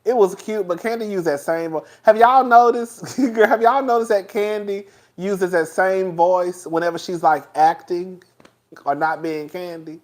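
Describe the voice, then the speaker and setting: A man hosting a casual talk stream, animated and sassy, laughing often as he chats. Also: sits high, measured pace. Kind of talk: casual commentary chat.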